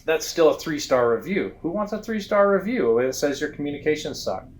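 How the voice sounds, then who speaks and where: Man, guest expert, casual animated storyteller, acts out customers mid-sentence. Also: fairly high pitch, fairly quick. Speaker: guest, roofing software expert. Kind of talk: conversational business interview.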